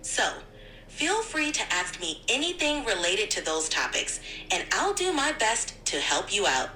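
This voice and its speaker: Bright lively synthetic woman assistant. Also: medium pitch, a little slow, roomy sound, a little hiss or hum, rough recording. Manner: upbeat, polite, smoothly helpful. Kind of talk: synthetic conversational assistant speech.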